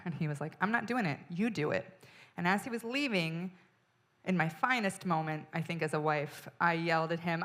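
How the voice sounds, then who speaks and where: Woman comic doing stand-up, bright sharp voice, kinda low pitched, swears a lot and gets fed up. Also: moderate pace. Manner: profane, exasperated, bursts into loud yelling. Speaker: stand-up comedian. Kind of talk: stand-up storytelling.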